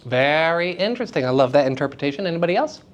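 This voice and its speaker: A man lecturing acting students at a school workshop, animated and playful, leading them in call-and-response drills. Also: a little high, quick pace, muffled recording, a little hiss or hum. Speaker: acting teacher. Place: school theater festival workshop room.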